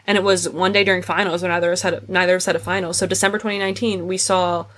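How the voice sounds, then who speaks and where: A woman's voice: lowish voice, flat delivery, very fast, fairly bright tone. A young adult woman co-hosting a casual chat, telling long rambling stories. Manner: chatty, rambling storyteller. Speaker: podcast co-host.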